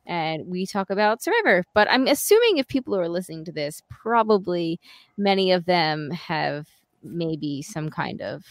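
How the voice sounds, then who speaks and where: A woman with a fairly low voice trades jokes as a podcast guest, poking fun at herself. She is recorded close and dry, with no room sound. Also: sing-song, moderate pace, no echo. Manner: joking, self-deprecating. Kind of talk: casual podcast chat.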